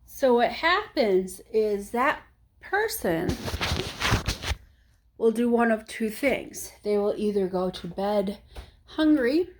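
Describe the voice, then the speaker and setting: A young woman vlogger chats to the camera while cooking, rambling and talking to herself, slightly out of breath. Her voice sits fairly high with big pitch swings, and she speaks slowly with long pauses. There's background noise in this casual cooking vlog.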